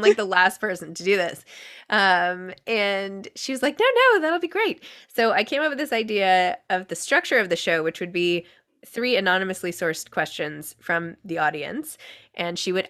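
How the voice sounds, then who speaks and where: A woman's voice: on the low side, fairly bright tone. Giggly, chatty woman podcaster. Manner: chatty, self-deprecating, giggly. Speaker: podcast host, guest. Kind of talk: casual interview chat.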